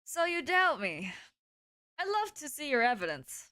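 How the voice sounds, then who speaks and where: A woman's voice: high voice, very animated, sharp tone, dry recording, full character voice. A woman reading a visual novel aloud, voicing a flamboyant, charming male pigeon schoolboy who is theatrical and never bothered. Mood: playful. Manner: theatrical, drawn-out, flowery speech.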